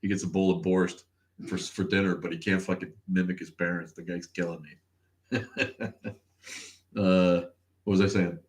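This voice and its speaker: A man with a fairly low voice hosts a casual chat show. His talk is sarcastic and full of swearing, and he laughs a lot. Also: level tone, normal speed, long pauses. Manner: profane, sarcastic, laughs often. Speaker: podcast host.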